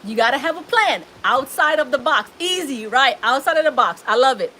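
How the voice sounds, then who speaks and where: A woman's voice: high voice, animated, brisk, sharp tone, slight background noise. Emphatic woman coaching on business credit. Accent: Southern US. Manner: emphatic, repeats key phrases, addresses audience as y'all. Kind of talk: live stream Q&A.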